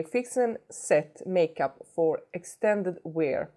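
Emotional low-voiced woman vlogger. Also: a little slow, mellow. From Sweden. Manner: gushing, emotional, repeats herself. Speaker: beauty vlogger. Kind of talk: unboxing vlog.

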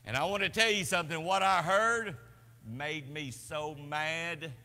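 Emphatic pastor preaching in a reverberant church. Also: male voice, a little high, a little slow. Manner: emphatic, swings between loud and hushed. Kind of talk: sermon. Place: church sanctuary.

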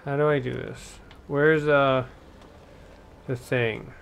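A man giving chatty, excitable let's-play commentary, talking to the game's characters as he plays. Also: medium pitch, takes it slowly, vocal fry, a little hiss or hum. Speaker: gameplay commentator.

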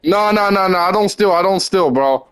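A man's voice: high voice, moderate pace, a bit bright, clear, resonant tone. A young man on voice chat while playing a basketball video game, coaching his teammates and teasing them, repeating short commands over and over.

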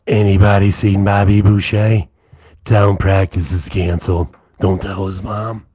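A man's voice: deep voice, little pitch movement, a little slow, husky, no room sound, studio quality. A man doing a bellowing comedy film voice. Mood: shouting. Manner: bellowing, very loud.

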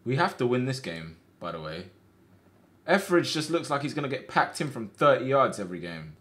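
A man streaming a football management game, reacting out loud with groans and cheers as he commentates. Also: mid-range voice, brisk. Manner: excitable, shouts at players, swings between groans and cheers. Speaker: gaming streamer.

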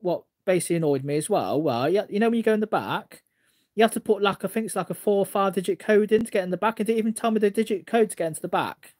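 High-voiced man rambling on a livestream. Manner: rambling, repeats himself, stammering restarts. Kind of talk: casual livestream rant, reading chat.

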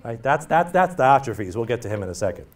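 A man's voice: mid-range voice, big pitch swings, fairly quick. A male pastor preaching a sermon in a church, emphatic and repetitive as he drives his points home. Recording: voice from far off the mic.

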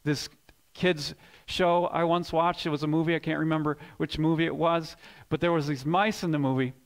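Guy preaching in church, fairly high voice, goes big and loud then drops to almost nothing, lots of "the, the, the". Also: steady tone, moderate pace. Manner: dramatic swings between loud emphatic bursts and hushed low lines; repeats words and restarts while building a point. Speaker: pastor. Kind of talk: sermon. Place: church sanctuary.

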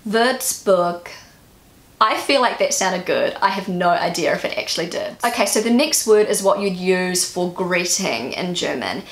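Female vlogger with a New Zealand accent, casual and self-critical, with some vocal fry and an echoey room. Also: lowish voice, animated, normal speed, few pauses. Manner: self-critical, repeats words aloud after the app. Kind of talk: casual language-learning vlog.

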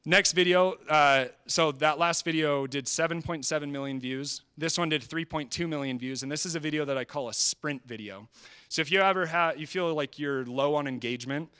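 A man presenting at a training session, talking in an energetic, conversational way and quoting people in quick asides. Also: on the high side, clean tone. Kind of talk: live presentation. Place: presentation hall.

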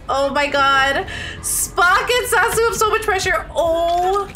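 A woman streams a game live and talks to her viewers in an excitable, bubbly way. Her voice sits high and swoops all over, with a bright, sharp edge. Faint music plays behind her. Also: takes it slowly. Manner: excitable, shrieks and laughs during tense play.

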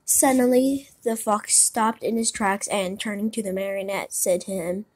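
A woman narrating a children's storybook in an expressive reading voice. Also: mid-range voice, normal speed, hardly any pauses. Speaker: audiobook narrator.

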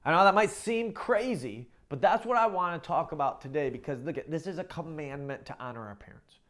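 A man's voice: fairly high pitch, expressive, fairly quick, fairly bright tone. A middle-aged man, a pastor, giving a conversational sermon, often checking in with "okay?" and "right?" and repeating his phrases as he goes. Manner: repeats and restarts phrases while talking.

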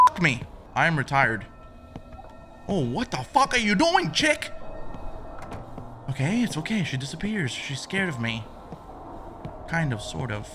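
A gaming video creator with a fairly high, sing-song voice comments over music on a horror game he is playing, at a measured pace with long pauses. Jumpy and nervous, he mutters to himself, swears a lot and yelps when startled.

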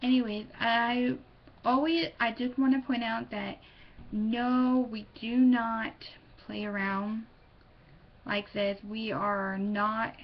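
Speaking slowly in a steady, fairly high voice, a teenage girl rambles through a casual vlog, giggly and easily distracted. Her built-in mic sounds muffled, producing dull lo-fi webcam audio with a faint noise underneath.

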